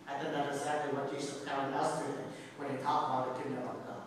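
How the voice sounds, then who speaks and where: A priest giving a joking, animated homily, teasing the congregation and restarting words as he goes. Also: medium pitch, fast, a little hiss or hum. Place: church. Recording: echoey church hall from far off.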